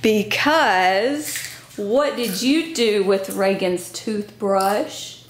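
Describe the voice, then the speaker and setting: A woman in her thirties with a Southern US accent talks casually to the camera at home. She rambles easily from one thought to the next, with plenty of ums and side remarks. Her pitch sits in a middling range. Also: lively intonation, extremely slow, slight background noise. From Southern United States. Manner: chatty and rambling, with many ums and asides. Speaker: mom vlogger.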